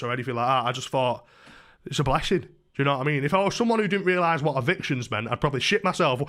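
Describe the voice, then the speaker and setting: Bright-voiced young man telling a story. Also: on the high side, quick pace. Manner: chatty, swears freely, animated. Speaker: vlogger. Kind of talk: casual storytelling.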